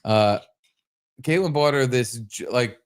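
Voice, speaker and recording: Profane, animated male podcast co-host. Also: medium pitch, takes it slowly, smooth. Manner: animated storyteller, swears freely, acts out his own startled yelps. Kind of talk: casual chat.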